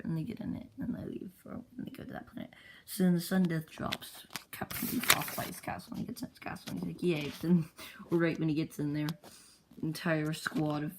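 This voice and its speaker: A woman excitedly retelling the story of her own comic journal in a rambling, casual way, jumping into brief character voices. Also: sits low, noisy background.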